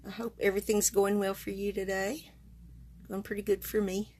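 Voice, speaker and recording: A woman's voice: mid-range voice, flat delivery, normal speed, mellow. A woman chats casually on a live stream, greeting viewers one by one. She sounds a little tired and her speech is loose, with fillers, restarts and small laughs. A faint hiss of noise sits under her voice. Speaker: card-making demonstrator hosting a live stream.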